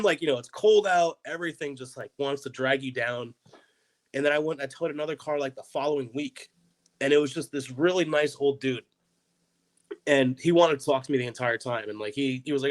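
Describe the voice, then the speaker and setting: A man's voice: medium pitch, fairly quick, low-quality recording. A young man, a comedian guest on a podcast, telling a story in a rambling way with many "like"s. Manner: rambling, heavy use of "like".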